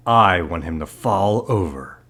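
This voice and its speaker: A man's voice: sits low, expressive, a little slow, a bit bright, exaggerated voice. A man reading aloud, voicing a cheeky young boy who loves scaring people. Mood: eager. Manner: bold, boastful. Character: cheeky young boy playing scary tricks.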